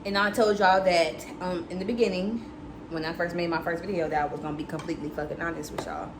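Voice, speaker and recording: A woman's voice: on the low side, fairly even intonation, fast talker. A young woman telling a candid, chatty story to her viewers, swearing freely as she goes. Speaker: vlogger. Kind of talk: casual storytime chat. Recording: echoey room with background noise.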